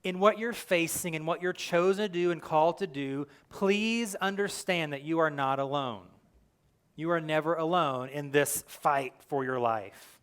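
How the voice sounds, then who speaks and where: A young adult male pastor giving a sermon, telling the story with lively, acted-out quotes and earnest direct address. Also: fairly high pitch, clean tone. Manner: animated storytelling, acting out quoted lines.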